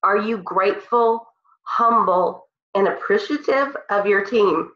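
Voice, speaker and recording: A woman's voice: medium pitch, takes it slowly, a bit bright, slight background noise. Woman with a cold giving her team a pep talk, earnest and emotional, roomy muffled call sound. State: congested from a cold. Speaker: team leader speaking on a call. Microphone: phone or computer on a call. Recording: roomy, dull lo-fi call audio.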